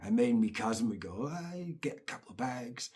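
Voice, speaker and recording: A Scottish man telling comic childhood stories in a casual, animated way, with swearing and laughter. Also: on the low side, fast, slightly rough. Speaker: storyteller, channel host.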